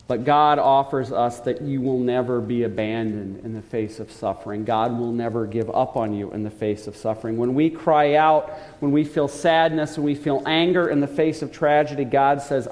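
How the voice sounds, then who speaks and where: A man's voice: mid-range voice, darkish tone. Earnest male preacher in a reverberant hall. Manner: earnest storytelling, slows for emphasis. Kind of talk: sermon.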